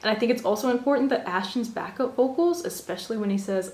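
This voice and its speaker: A woman's voice: on the high side, fast, echoey room. A young woman vlogging from her bedroom, gushing about an album with frequent laughs. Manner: gushing, animated, laughs often. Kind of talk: casual chat.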